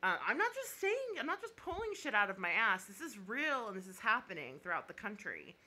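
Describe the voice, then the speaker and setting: A woman's voice: mid-range voice, big pitch swings, fairly quick, pushed and bright. A woman YouTuber in casual live chat, reading viewer comments and giving blunt opinions, laughing often and apologizing half-jokingly.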